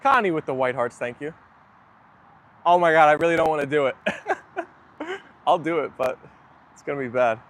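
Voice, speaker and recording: A man's voice: on the high side, expressive, normal speed, pauses often, a bit bright. A man livestreaming from his phone on a rainy outdoor walk with his dogs, chatting to viewers in a rambling, self-deprecating way. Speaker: dog owner livestreaming to viewers. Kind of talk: casual live chat.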